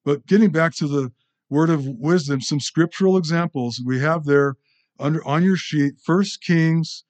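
A man's voice: fairly high pitch, moderate pace, a little mellow. A man teaching a sermon in a conversational way, often asking the audience questions. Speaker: pastor.

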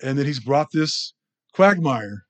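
A man's voice: medium pitch, lively intonation, unhurried. A man teaching a sermon in a conversational way, often asking the audience questions. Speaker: pastor.

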